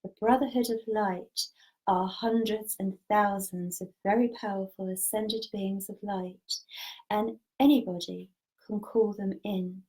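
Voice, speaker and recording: Calm, earnest woman storyteller. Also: medium pitch, rough recording. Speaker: spiritual teacher and medium. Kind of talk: spiritual storytelling talk.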